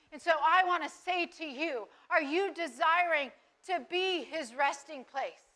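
A woman's voice: sits high, pushed and bright. A woman giving earnest devotional Bible teaching, asking listeners rhetorical questions.

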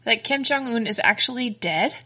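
A woman's voice: a little high, animated, moderate pace, bright, forceful tone, husky. A woman co-hosting a podcast, chatting casually with a lot of giggles and filler words. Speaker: podcast co-host.

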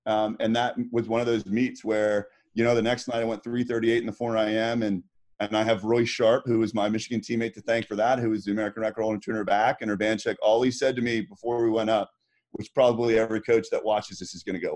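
A man's voice: on the low side, little pitch movement, fast, darkish tone. A middle-aged man, a former swimmer and podcast guest, telling stories in a rambling casual way. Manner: rambling, lots of restarts and fillers. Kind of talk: casual storytelling.

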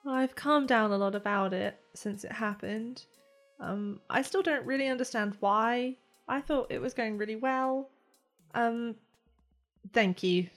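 A woman voicing an excitable young woman after a breakup, ranting and indignant. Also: fairly high pitch, a little slow, faint music behind, close to an everyday voice. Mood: subdued. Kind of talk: tabletop role-play voicing.

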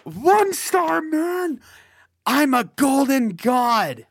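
A man voicing a grandiose, vain young man who calls himself a god, in a shrill, drawn-out, haughty delivery. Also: big pitch swings, creaky, a bit bright, a little hiss or hum, heavily acted. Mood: outraged.

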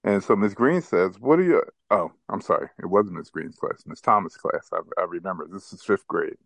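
A man's voice: low-pitched, moderate pace, gravelly, fairly bright tone, no echo. A man co-hosting a podcast, telling a childhood story in casual chat and laughing as he goes. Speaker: podcast co-host.

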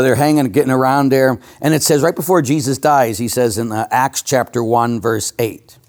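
An older man, a Catholic priest, telling stories to a church audience in an animated, joking way that swings from loud to hushed. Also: mid-range voice. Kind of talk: storytelling talk to a church audience.

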